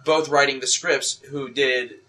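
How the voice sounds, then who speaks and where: Male podcast host, bright tone, stop-start casual delivery. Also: medium pitch, steady tone. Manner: halting, restarts sentences often. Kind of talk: casual chat.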